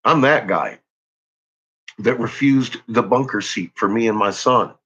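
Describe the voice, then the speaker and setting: A man's voice: fairly low pitch, a little slow, sharp tone, slightly rough. A man hosting his own channel, ranting angrily into the camera with profane, threatening outbursts, jittery and tense. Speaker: channel host. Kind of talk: angry ranting monologue. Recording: dull lo-fi recording.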